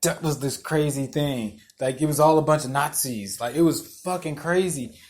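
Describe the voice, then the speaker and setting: Young man, podcast host, slightly high voice, swears freely, laughs mid-story. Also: normal speed, darkish tone. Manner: profane, blunt, laughs through stories. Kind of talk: casual storytelling monologue.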